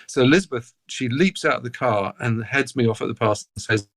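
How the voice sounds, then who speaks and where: English man telling animated stories. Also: medium pitch, a little fast, no echo. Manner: animated anecdotes, breaks into laughter. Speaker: guest cellist. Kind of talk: storytelling in a podcast interview.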